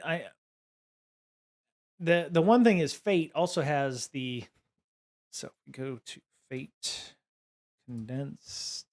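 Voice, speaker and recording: A man hosting a live-stream podcast, talking casually and musing aloud in a rambling way. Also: mid-range voice.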